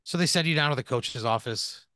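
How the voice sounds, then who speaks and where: A man's voice: mid-range voice, a little fast, sharp tone, no room sound. A man hosting a comedy podcast, spinning an improvised story in a rambling, casual way and swearing freely. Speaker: podcast host.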